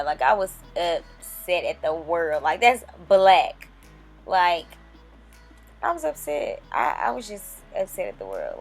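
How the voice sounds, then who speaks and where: A woman's voice: mid-range voice, gravelly. A young woman talking viewers through her makeup in a casual, chatty way, addressing them directly as she works. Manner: chatty, talks straight to viewers. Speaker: beauty vlogger. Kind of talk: casual makeup tutorial narration. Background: faint music.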